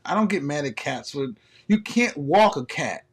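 A man's voice: a little high, expressive, normal speed, breathy edge. A man hosting a live stream, ranting in a casual comedic way, profane and laughing often.

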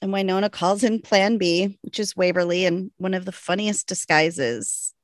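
A woman co-hosting a casual podcast chat recapping a TV show, giggly and animated, acting out quoted lines. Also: lowish voice, moderate pace, no echo. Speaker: podcast co-host.

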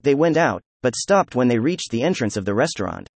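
A man narrating an audiobook in an even, unhurried read. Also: mid-range voice, no room sound. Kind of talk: scripted narration.

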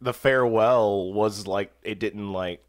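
A man chatting on a comedy podcast, halting and searching for words, quick to laugh. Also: fairly low pitch, fairly even intonation. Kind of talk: casual comedy podcast chat.

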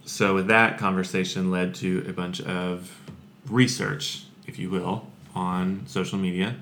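A man who is a podcast guest, telling his story in a relaxed way with dry humor. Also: deep voice, unhurried, a little hiss or hum. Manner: relaxed, dry humor, says "if you will". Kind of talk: casual storytelling.

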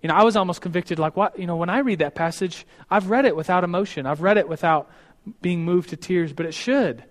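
A man's voice: sits high, a little fast, long reverb tail. A man telling a story to a class and leading a prayer, earnest, with many restarts.

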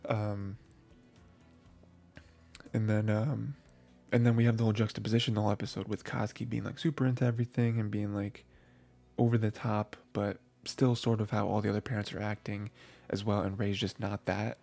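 A man's voice: on the low side, flat delivery, a little fast, gravelly, warm tone, soft background music. A man giving a casual, rambling review of anime episodes, full of fillers and restarts.

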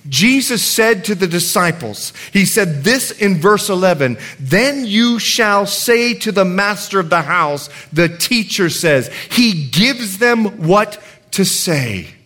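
A male pastor preaching a sermon, telling stories with animated swings from shouting to quiet. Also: sits high, takes it slowly.

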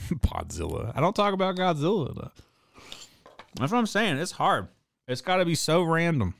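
A man's voice: on the high side, very animated, moderate pace, vocal fry, a bit bright, no echo. A young man hosting a podcast, talking in a loose, rambling, profane way with frequent laughter. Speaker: podcast host. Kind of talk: casual chat.

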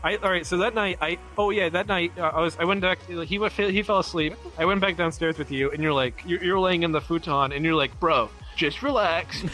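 A man's voice: high voice, fairly even intonation, a little fast, hardly any pauses, pushed and bright, soft background music, poor audio. A man hosting a podcast, casually telling a story with lots of restarts and self-corrections. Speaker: podcast host.

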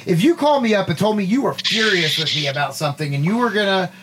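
Animated storytelling man, slightly high voice. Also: quick pace, noisy background. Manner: rambling, animated storytelling with many fillers. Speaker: podcast co-host. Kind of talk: casual chat, storytelling.

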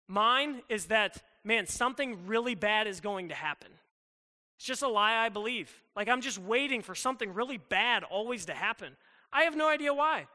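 A man's voice: very high voice, pushed and bright, long reverb tail. A young man preaching to a youth group, emphatic and conversational, acting out the doubts of his listeners. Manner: emphatic and conversational, acts out inner thoughts. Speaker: youth pastor. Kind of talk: sermon.

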